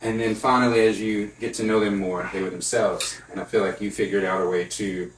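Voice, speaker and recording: A man hosting a podcast, asking questions in an unhurried, hesitant way with frequent fillers. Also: on the low side, steady tone, a little hiss or hum. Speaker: podcast host. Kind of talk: casual interview questions. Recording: echoey room, mic at a distance.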